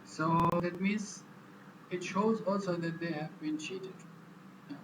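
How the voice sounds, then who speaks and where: A man with a fairly high voice talks on his own in a loose, casual monologue. He stumbles and doubles back on his words as he explains. A constant noisy hum sits behind him. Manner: halting, repeats words while explaining. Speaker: vlogger.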